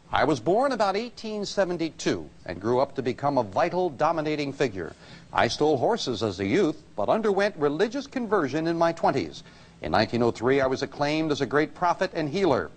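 A man hosting a television quiz show, reading clues and scores in a brisk, upbeat way. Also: on the high side, sing-song. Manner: upbeat, reads clues crisply. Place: TV studio with live audience. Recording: noisy broadcast with loud audience.

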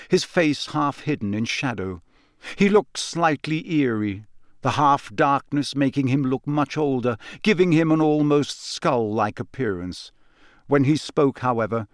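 A man narrating a fantasy novel audiobook in an expressive reading. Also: mid-range voice, dry recording, clean studio sound. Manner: expressive, lively.

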